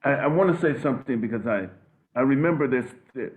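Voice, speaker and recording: An older man on a video call giving an emotional tribute, halting and restarting often. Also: medium pitch, animated. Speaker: guest speaker. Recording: phone-like audio.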